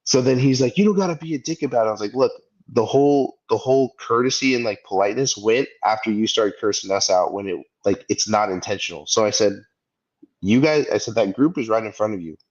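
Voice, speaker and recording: A man in his thirties with a lowish voice speaks fairly quickly, and the recording has its highs cut off. He co-hosts a podcast and tells a story in casual chat, animatedly acting out the voices of the people in it.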